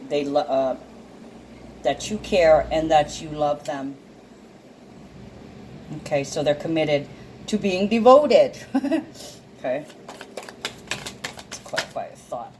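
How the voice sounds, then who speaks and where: A woman with a lowish voice reads oracle cards in a casual chat to her viewers, getting teary and sniffling as she goes. She laughs easily and swears freely, and a faint hum of room noise sits under her voice. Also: a little mellow, low-quality recording. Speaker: intuitive card reader. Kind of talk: casual tarot card reading.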